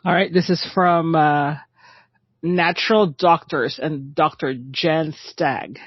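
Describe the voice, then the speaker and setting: Very slow-talking husky woman. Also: deep voice, fairly even intonation, no echo, muffled recording. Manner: amused, giggly. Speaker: podcast co-host. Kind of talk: casual chat.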